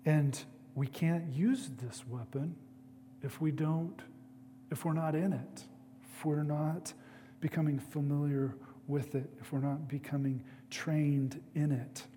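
A man preaching a sermon as a pastor, speaking in a measured way with pauses. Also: a little high, steady tone, warm tone, in a large hall, slight background noise.

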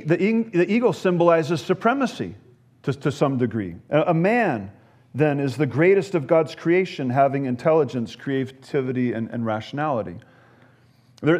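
A man delivers a sermon in a somewhat high voice. He speaks earnestly, often restarting words before pressing on, with occasional light humor. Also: a little mellow. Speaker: preacher.

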